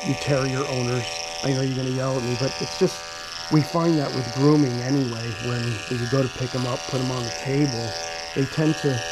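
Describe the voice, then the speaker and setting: Chatty male groomer over loud clipper hum. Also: mid-range voice. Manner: chatty, talks to viewers and soothes the dog. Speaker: dog groomer. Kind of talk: casual grooming tutorial. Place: grooming salon. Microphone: GoPro camera mic. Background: electric clippers buzzing.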